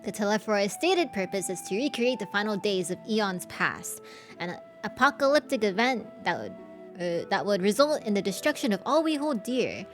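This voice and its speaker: A man's voice: high-pitched, big pitch swings, moderate pace, a bit bright, faint music behind. A woman reading out a game's earnest young male scholar in her own plain voice. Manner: plain unaccented reading aloud. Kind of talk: reading game dialogue aloud.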